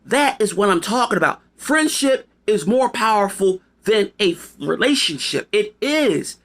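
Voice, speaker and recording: Bright, high-voiced man ranting casually. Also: sing-song, a little slow. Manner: profane, rambling, emphatic. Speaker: video commentator. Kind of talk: casual opinion monologue.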